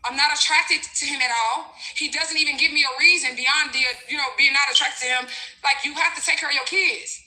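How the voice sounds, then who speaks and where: Brief: high-voiced woman vlogger, bright and edgy, animated profane storytime rant, echoey room. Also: fairly quick. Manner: animated, profane, talks straight to viewers. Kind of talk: ranting storytime, reading out messages.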